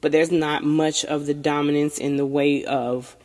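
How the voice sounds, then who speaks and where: A woman's voice: sits low, little pitch movement, normal speed, a little mellow. A woman in candid casual chat, frank and profane, laughing often and a little tipsy. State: tipsy from tequila. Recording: long reverberant room.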